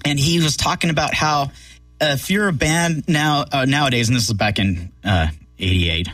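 A man's voice: mid-range voice, normal speed, a bit bright, no room sound, far from the mic, soft background music. A man telling a long story in casual chat, rambling with many fillers and swearing freely.

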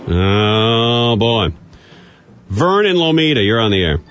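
Brisk, lively radio host. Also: male voice, mid-range voice. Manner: brisk, dry, teasing callers. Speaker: radio talk show host. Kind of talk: call-in show hosting. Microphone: studio microphone.

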